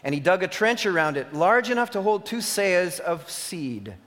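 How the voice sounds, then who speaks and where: A man preaching a sermon, reading scripture aloud with sudden loud emphatic peaks and quieter asides. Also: sits high, sing-song, moderate pace. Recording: long reverb of a hall.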